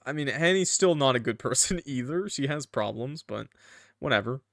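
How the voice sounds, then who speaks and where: A man's voice: medium pitch, lively intonation, normal speed, creaky, a bit bright, no room sound, clean studio sound. Casual man narrating a story game. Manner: casual, frank asides between read lines. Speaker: gaming video host. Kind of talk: reading a story game aloud with commentary.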